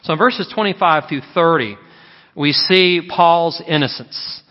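Pastor guy preaching, kinda high voice, muffled sound, big churchy echo. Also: a little slow. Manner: animated storytelling with acted quotes. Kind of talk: sermon. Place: church sanctuary. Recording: muffled sound with long hall reverb.

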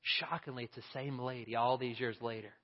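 A man telling a story in a sermon, lively and acting out the voices of its people. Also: medium pitch, fairly quick, long reverb tail, highs cut off. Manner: animated, acts out the voices in his story. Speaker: preacher.

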